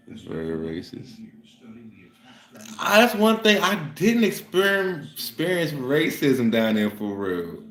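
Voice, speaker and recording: Dude with a low voice going off on a cussing rant, roomy echo on it. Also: male voice. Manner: profane, fired-up ranting. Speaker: vlogger. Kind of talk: casual monologue.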